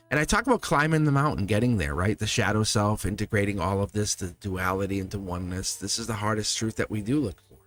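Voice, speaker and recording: A man giving a live tarot reading to his viewers, talking animatedly, acting out quoted voices and laughing often. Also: medium pitch. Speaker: tarot reader.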